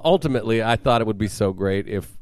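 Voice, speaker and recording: A man's voice: on the low side, fast. A man in casual storytelling, acting out voices from his own anecdote. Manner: animated, acts out a childlike voice in his story.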